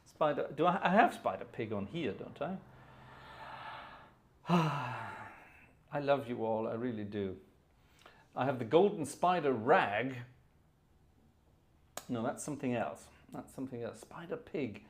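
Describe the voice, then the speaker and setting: A man's voice: mid-range voice, expressive, unhurried, pauses often. A man hosting a live organ concert stream, chatting casually, thinking aloud and thanking viewers by name. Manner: rambling, chatty, thinks aloud while searching.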